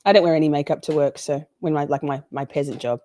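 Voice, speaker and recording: A chatty woman hosts a casual livestream and greets her viewers one by one. Her voice sits fairly low and mellow, recorded close and dry with no room sound. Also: steady tone, fast, no room sound. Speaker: livestream host.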